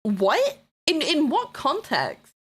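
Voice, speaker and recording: Lively, playful woman streamer. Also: sits high, slow. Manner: blunt and playful, swearing and teasing chat; excitable, with bursts of shouting and laughter. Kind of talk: casual live-stream chat, reading chat.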